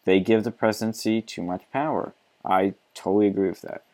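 Low-voiced sarcastic man ranting. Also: fairly even intonation, brisk, darkish tone. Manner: sarcastic, mocking, swears often, laughs between remarks. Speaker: commentator reacting to an article. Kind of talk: reading aloud and ranting commentary.

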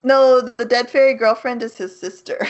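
A woman's voice: fairly high pitch, steady tone, normal speed, lo-fi sound. A woman co-hosting a podcast in casual chat, recapping plots and laughing often. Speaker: podcast co-host.

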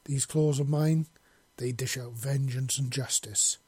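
Male reader as a hulking talking monster: measured, formal, protective, with a low husky tone. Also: steady tone, darkish tone, dry recording. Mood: gentle. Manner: slow, solemn, formal speech. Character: huge male talking deathclaw, protective, coldly furious.

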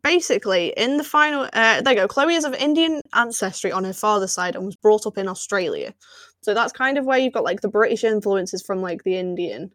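A woman's voice: medium pitch, fairly quick, a bit bright, no echo. Woman chatting on a podcast, laughs a lot, dry close sound. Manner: chatty, laughing often, lots of fillers. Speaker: podcast co-host. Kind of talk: casual chat.

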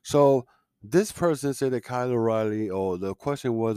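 A man's voice: mid-range voice, moderate pace, warm tone, clean tone, dry recording. A man hosting a casual podcast, ranting in a heated, opinionated way with frequent fillers and restarts. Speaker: podcast host.

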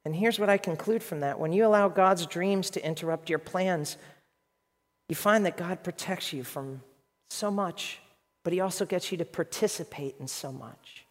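A man in his fifties, a pastor preaching a sermon with animated, emphatic storytelling. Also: high voice, moderate pace, in a large hall. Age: 50s.

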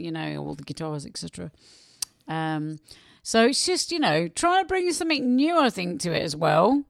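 A woman's voice: on the low side, vocal fry, dry recording, studio quality. A woman with a Black Country accent, a musician chatting cheekily and self-deprecatingly in a casual radio interview. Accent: Black Country English. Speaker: musician guest.

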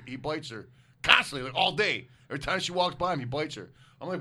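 A man's voice: on the high side, animated, fast, bright, forceful tone. A middle-aged man co-hosting a casual live podcast, joking crudely and laughing often. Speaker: podcast co-host.

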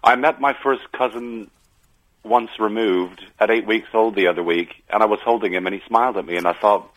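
A man's voice: lowish voice, fairly even intonation, a little fast, fairly bright tone, poor audio. A man calling in to a radio show, dry and mildly challenging the host. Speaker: radio caller. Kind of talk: phone-in call.

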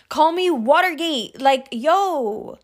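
A woman telling a story in casual chat, animated and slangy, with quick profane asides. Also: high voice.

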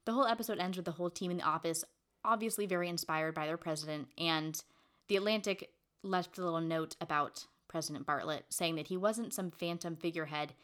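A woman's voice: lowish voice, fairly quick, a bit bright. A woman co-hosting a podcast, speaking with enthusiasm and playfulness about a TV show. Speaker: podcast co-host. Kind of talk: casual TV recap chat.

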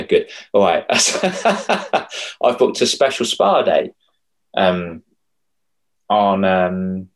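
A fairly low-voiced young man talks in a relaxed podcast chat about confidence. He tells animated stories and acts out the voices of the people in them. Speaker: confidence coach for kids.

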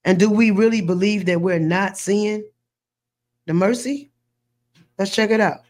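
A woman's voice: medium pitch, unhurried, darkish tone. A woman hosting a faith podcast, talking in an emphatic, preachy way and repeating words as she builds a point. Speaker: podcast host. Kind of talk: faith discussion.

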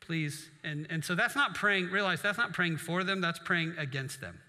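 Bright-voiced preacher man in a reverberant hall. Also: high voice, moderate pace. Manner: conversational preaching with asides to the congregation. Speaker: pastor. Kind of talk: sermon.

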